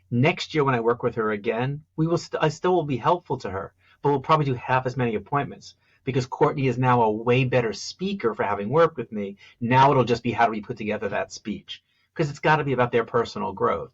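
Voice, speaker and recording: A man who works as a public speaking coach, talking in a podcast interview and acting out how stress and pitch change a phrase. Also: dull audio. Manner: animated, demonstrates stress and pitch on example phrases.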